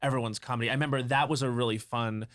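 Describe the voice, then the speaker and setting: A man's voice: mid-range voice, steady tone, rapid-fire, fairly bright tone, no echo, studio quality. A man co-hosting a podcast, talking eagerly and rambling with many fillers. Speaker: podcast co-host. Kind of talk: casual podcast chat.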